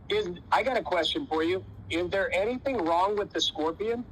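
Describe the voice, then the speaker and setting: A man with a fairly high voice talks to his wrestlers like a laid-back coach. He tells a fable in a loose, slangy way, with dude and man thrown in, and stops to quiz the boys. A little noise sits faintly behind him. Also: normal speed, few pauses, a bit bright, low-quality recording. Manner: folksy, uses dude and man, voices characters casually. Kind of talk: motivational storytelling talk.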